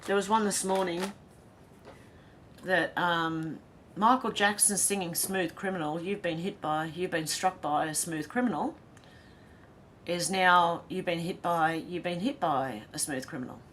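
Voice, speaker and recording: A woman with an Australian accent chats casually through a livestream, reading out viewer comments. Her voice sits on the low side and she laughs easily. A faint hum and rumble run under the recording. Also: unhurried, a bit bright. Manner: chatty, laughs easily, reads comments aloud. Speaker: livestream host reading chat. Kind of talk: casual chat.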